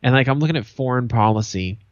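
A man's voice: mid-range voice, quick pace, dry recording, highs cut off. A man co-hosting a podcast in casual chat, blunt and sarcastic, swearing freely. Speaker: podcast co-host.

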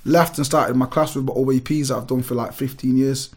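A man, a gym owner telling stories in an animated, emphatic way full of street on a casual podcast. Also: medium pitch, fairly quick, husky. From Britain. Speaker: gym owner and powerlifting guest.

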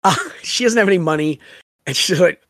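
Lively, playful podcast co-host. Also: mid-range voice, brisk, no echo, studio quality. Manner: animated and playful, reenacts scenes. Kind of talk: casual book-discussion chat.

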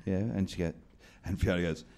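A man's voice: medium pitch, lively intonation, brisk. A man hosting a live comedy podcast, making dry, crude jokes. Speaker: comedian host.

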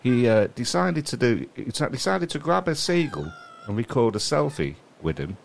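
A man's voice: mid-range voice, sing-song, normal speed, vocal fry, a little hiss or hum. A man co-hosting a casual comedy podcast, rambling and reading a news story aloud with wry asides. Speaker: podcast co-host.

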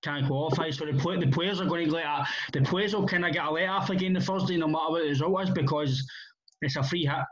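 A man's voice: a little high, quick pace, crowd noise. Blunt Scottish man, muffled audio. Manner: blunt, swearing, rambling restarts. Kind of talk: casual football chat.

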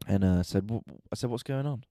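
This is a fast, swear-laden vent from a man who does stand-up and hosts a podcast, told casually with exasperated animation. His fairly low voice comes across soft and mellow. The mic is close and dry, with no echo.

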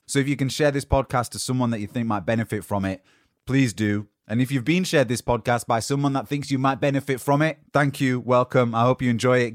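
A man's voice: medium pitch, no echo, studio quality. A young British man hosting a solo motivational podcast in a rambling, conversational way from his home. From Britain. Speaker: podcast host. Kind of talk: casual solo podcast talk.

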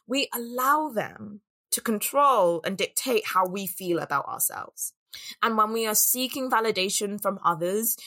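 A woman's voice: on the high side, pushed and bright. A woman business coach giving an earnest, reflective solo talk on self-worth and voicing the doubts in people's heads.

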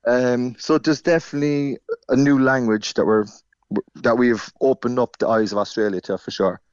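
A man's voice: mid-range voice, steady tone, moderate pace, a little mellow, clean tone, no echo, highs cut off. A man from Cork with a Cork accent, calling a radio show and chatting in an easygoing way. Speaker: caller. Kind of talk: casual radio chat.

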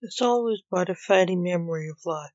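A woman, the author, reading her own story aloud in a measured, deliberate way. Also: lowish voice, a little mellow, no room sound. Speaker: author and reader. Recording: dull lo-fi recording.

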